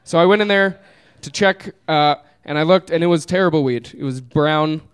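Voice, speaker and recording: A young man tells a long story on stage, relaxed and amused, and laughs often as he goes. His voice sits a little high for a man and comes across smooth and clear. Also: normal speed. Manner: laid-back, amused, laughs through his own story. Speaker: comedian telling a story on stage. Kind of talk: live storytelling. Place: small live venue.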